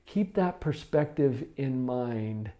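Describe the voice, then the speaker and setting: A man presenting a countdown of classroom behaviour strategies in a calm, measured teaching tone, acting out quoted speech with sudden jumps in pitch. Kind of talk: scripted countdown talk.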